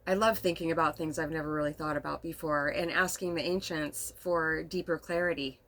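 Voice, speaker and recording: A middle-aged woman with a fairly low voice talks to her camera from inside a camper. She rambles softly through a personal story, emotional and quick to laugh, in an unscripted, casual way. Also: fairly even intonation. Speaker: vlogger.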